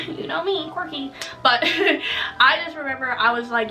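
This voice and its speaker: Brief: young female vlogger, bright and slightly high, chatty jokey storytelling, mic a bit distant. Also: a little slow, soft background music. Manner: chatty, joking, says "okay?" often. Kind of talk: casual storytelling to viewers.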